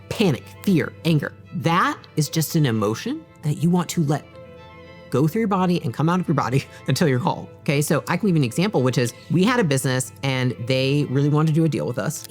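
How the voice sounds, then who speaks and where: A woman who founded a business, talking straight to camera and coaching viewers in a direct, emphatic way. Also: low voice. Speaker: business founder giving advice. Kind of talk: direct-to-camera advice talk. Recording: faint background music.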